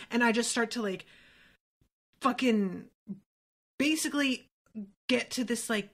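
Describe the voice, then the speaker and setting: A woman co-hosting a podcast, alternating between reading a book aloud and casual, animated, rambling chat with casual swearing. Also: fairly high pitch, unhurried, long pauses. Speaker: podcast co-host.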